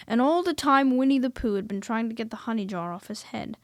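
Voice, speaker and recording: A woman reading a children's storybook aloud, expressive and dropping to hushed whispers at tense moments. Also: fairly high pitch, brisk, no echo, studio quality.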